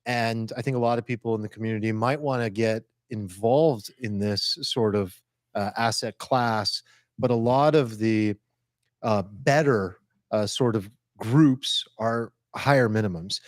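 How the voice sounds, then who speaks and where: A man hosting a casual podcast chat, relaxed and joking as he leads the questions. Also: lowish voice, unhurried, no echo, studio quality. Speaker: podcast host.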